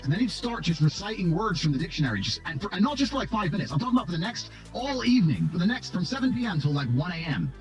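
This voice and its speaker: Give me a fast-talking, foul-mouthed man in a candid interview, slightly high-voiced, with soft music in the background. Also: big pitch swings. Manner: brash, blunt, swears freely. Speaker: interviewee in archived clips. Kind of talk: storytelling interview talk.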